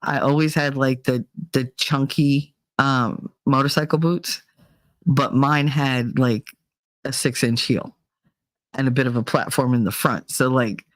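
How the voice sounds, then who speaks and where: A woman's voice: rumbling low, unhurried, no echo, clean studio sound. A woman, hosting a podcast and ranting in a casual storytelling way, laughing often and swearing. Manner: animated, laughs often, swears, acts out quoted voices. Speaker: podcast host.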